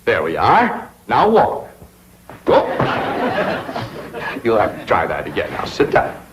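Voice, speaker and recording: A man's voice: on the low side, huge pitch swings, slow, noisy background, full character voice. An actor playing a pompous, lovestruck young society man in a 1960s sitcom, declaiming grandly.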